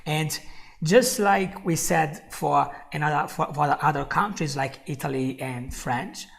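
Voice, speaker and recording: A woman's voice: deep voice, unhurried, vocal fry. A woman giving a live online English lesson, who repeats her key points, chuckles often and calls the viewer "my friend". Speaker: English teacher.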